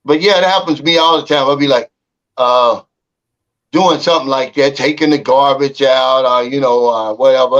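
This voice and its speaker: A man's voice: medium pitch, normal speed, a bit bright, muffled recording. A man hosting a casual panel chat, speaking colloquially, laughing easily and calling on panelists by name. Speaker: panel host.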